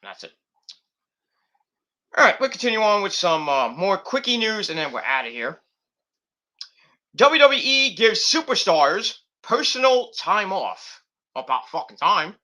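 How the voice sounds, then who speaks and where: A man hosting a loose late-night podcast. His fairly high, bright voice swings widely in pitch as he rambles. He swears freely and fills gaps with ums and uhs. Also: sing-song, unhurried, pauses often. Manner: rambling, profane, many fillers. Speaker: podcast host. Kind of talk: casual late-night wrestling chat.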